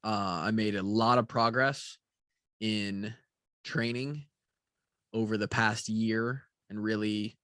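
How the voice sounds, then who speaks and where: Speaking slowly in a lowish, slightly bright voice with fairly even intonation, a young vlogger sounds tired and keeps yawning. He rambles casually to camera with lots of fillers and casual swearing, and there's no room sound.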